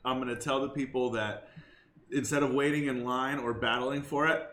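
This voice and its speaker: A man's voice: mid-range voice, steady tone, normal speed, fairly bright tone, reverberant, slight background noise. A man playing a tabletop game, rambling casually with lots of fillers and swearing. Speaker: player.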